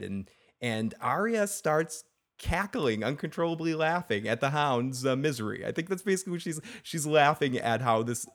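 A man hosting a casual podcast chat, retelling scenes in an animated way and laughing often. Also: on the high side, moderate pace. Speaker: podcast host.

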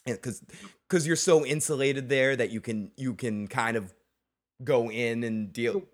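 A man co-hosting a casual recap discussion, rambling and acting out scenes in quick quoted voices. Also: mid-range voice. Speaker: podcast co-host.

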